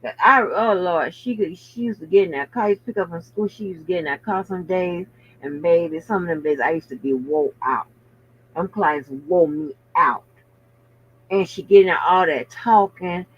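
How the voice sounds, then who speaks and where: A woman host giving casual, profane commentary with animated, drawling asides. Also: on the low side, moderate pace, breathy edge. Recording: dull lo-fi sound.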